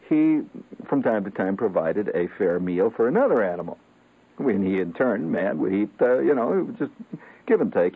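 A man hosting a late-night comic radio show, rambling and halting with lots of fillers and chuckles. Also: on the low side, breathy edge. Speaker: radio host. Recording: tinny lo-fi radio broadcast.

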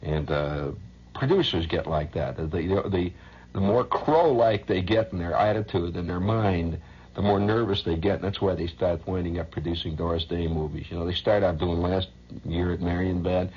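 A man with a deep, very husky and raspy voice wanders through a loose radio monologue, chuckling and humming sing-song nonsense between thoughts. It sounds like a dull, lo-fi old radio recording. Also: moderate pace, darkish tone. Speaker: radio host. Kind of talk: rambling on-air monologue.

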